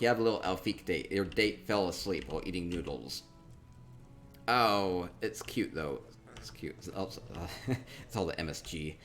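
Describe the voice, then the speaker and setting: A man chatting casually through a tour of a game, upbeat and quick to repeat himself, with soft laughs between remarks. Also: sits low, slight background noise. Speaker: gaming streamer touring player-built homes. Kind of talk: casual gameplay commentary.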